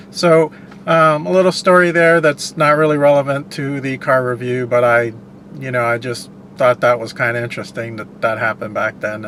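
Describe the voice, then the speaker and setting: A man's voice: a little high, a bit bright, slight background noise. A man hosting a casual car review, talking in a rambling, digressive way full of ums and uhs, from inside a parked car. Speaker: car reviewer and show host.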